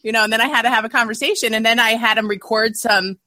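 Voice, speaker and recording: A woman's voice: on the high side, quick pace, dry recording. A woman guest in a casual podcast chat, telling stories with frequent giggles. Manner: giggly, lively storyteller.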